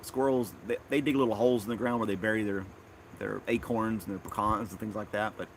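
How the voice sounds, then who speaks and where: A man with a fairly low voice rambles through a casual live stream from his backyard. He chuckles often as he talks. Faint crickets hum in the background. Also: fairly even intonation, a little fast. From Tennessee. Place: outdoors in a backyard.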